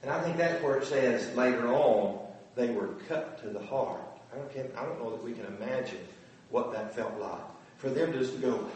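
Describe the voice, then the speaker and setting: A man's voice: mid-range voice, normal speed, darkish tone. A man giving a conversational Bible lesson, earnest and full of rhetorical questions to his listeners. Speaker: Bible teacher. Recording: very echoey room from a distant mic.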